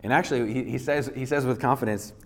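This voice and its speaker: A man's voice: mid-range voice, quick pace. A male pastor giving a sermon, retelling a scripture story in casual everyday words and reading verses aloud.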